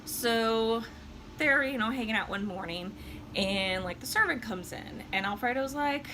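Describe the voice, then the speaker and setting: A woman's voice: a little high, measured pace, noisy background. A tipsy woman casually recapping an opera plot with chatty, sarcastic asides. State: drunk. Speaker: opera reviewer.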